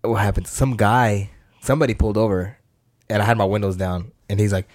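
A man's voice: lowish voice, a little fast, darkish tone, no echo, clean studio sound. A man, co-hosting a podcast, telling a story in a slangy, rambling way, swearing and acting out voices. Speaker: podcast co-host. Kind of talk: casual chat.

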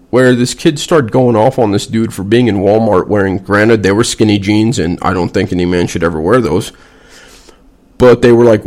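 A man's voice: lowish voice, a little mellow. A man, a veteran vlogger, delivering a blunt, sarcastic and heavily profane casual rant.

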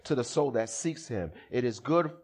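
A male pastor preaching a sermon during a church service, animated and humorous, bantering with the congregation and shouting for emphasis. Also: medium pitch, moderate pace, slightly rough.

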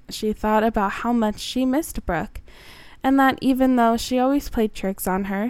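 A woman reading aloud a homemade children's story in a gentle, earnest storybook manner. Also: fairly high pitch, smooth, no room sound.

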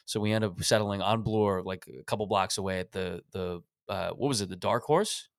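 A man's voice: on the low side, moderate pace, dry recording, studio quality. A man, hosting a podcast in loose, profane, joking casual chat. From Canada. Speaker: podcast host.

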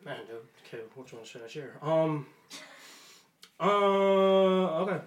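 A young man hosting a podcast, telling a story in a lively, casual way and laughing often. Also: on the high side, takes it slowly, muffled recording. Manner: animated, laughs often while telling stories. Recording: echoey room with faint noise.

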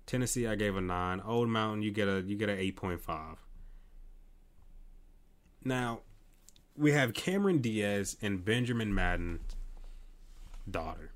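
Ranting tired man, low voice. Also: unhurried, long pauses. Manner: ranting, exasperated, profane, many restarts. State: tired, yawning late at night. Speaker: podcast host. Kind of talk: casual solo commentary.

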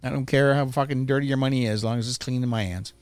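A man's voice: medium pitch, steady tone, fast talker, a little mellow, clear, resonant tone, no echo. A man hosting a podcast, telling a profane, rambling story in casual chat. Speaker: podcast host. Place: studio.

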